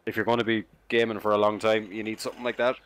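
Fast-talking low man on voice chat. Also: level tone, a bit bright. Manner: quick, sweary, giving advice. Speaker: friend on voice chat. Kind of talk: casual chat among friends.

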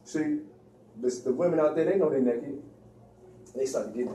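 Preachy, slangy man lecturing, mellow tone, a bit high, recorded off-mic. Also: brisk, a little hiss or hum. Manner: preachy, slangy, acts out quoted voices. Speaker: religious speaker. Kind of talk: informal religious lecture. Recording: echoey room, distant mic.

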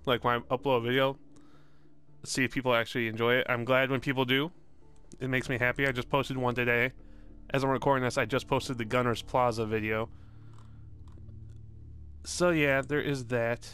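A man's voice: mid-range voice, level tone, moderate pace, long pauses, fairly bright tone, clean tone. A man casually commenting while playing a video game, rambling and joking and swearing now and then. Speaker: gaming video host. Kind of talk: casual let's-play commentary.

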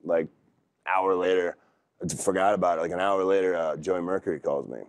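Low-voiced laid-back man. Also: steady tone, fairly quick. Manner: laid-back, rambling storytelling. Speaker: wrestler guest. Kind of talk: casual interview talk.

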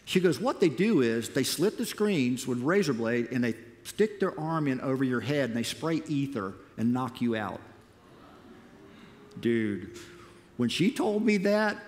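In a reverberant church auditorium, an American preacher with an unhurried, mid-range voice tells his missionary story as part of a sermon. He's animated and acts out his own past words, with long reverb from the big hall.

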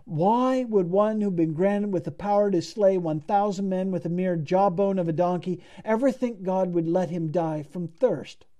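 A man's voice: sits high, normal speed, few pauses, mellow. A man preaching a sermon in an earnest, emphatic way, repeating phrases for weight.

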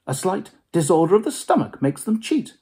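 A man reading a story aloud, voicing a caustic, cold old miser in a high, nearly shouting voice. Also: very animated, moderate pace. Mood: scoffing.

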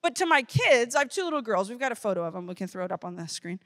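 A woman in her thirties giving a lively, playful talk to teenagers at a youth conference. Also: fairly high pitch, very fast. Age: 30s. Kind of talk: motivational talk to teens. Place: conference stage before a crowd.

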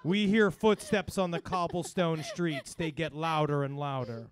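Comedian guy reading his own raunchy script live, highish voice, crude over the top delivery. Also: measured pace, poor audio. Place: live comedy show stage.

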